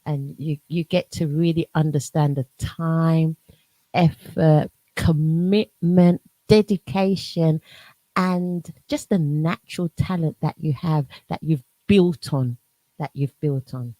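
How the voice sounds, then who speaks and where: A woman's voice: low voice, fairly even intonation, takes it slowly, no echo. A woman from the UK with a South London accent, hosting a casual radio interview and gushing with praise for her guest. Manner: warm gushing praise, frequent laughter. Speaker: radio host.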